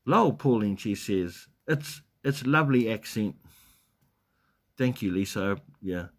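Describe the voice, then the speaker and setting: Low-voiced New Zealand man chatting live. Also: lively intonation, slow. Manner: rambling, many fillers and restarts, chuckles often. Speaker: live stream host. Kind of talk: casual live stream chat reading comments.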